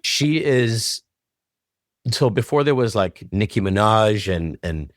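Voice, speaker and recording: A man from Canada, a guest choreographer in an interview, telling an animated story and acting out both sides of old phone calls, his voice jumping up when he gets excited. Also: on the low side, slow, no echo, studio quality.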